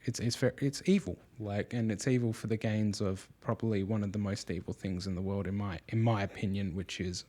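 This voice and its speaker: A man's voice: on the low side, fairly even intonation, brisk, hardly any pauses, dark tone. A man and father hosting a podcast, talking casually and rambling with lots of fillers and restarts. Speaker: podcast host.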